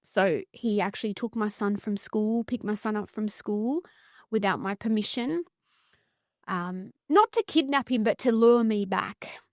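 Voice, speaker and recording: A woman's voice: mid-range voice, measured pace, darkish tone, no echo, studio quality. An Australian woman, a psychotherapist guest, telling a painful personal story in an earnest, intense and blunt way. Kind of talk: emotional personal story in podcast conversation.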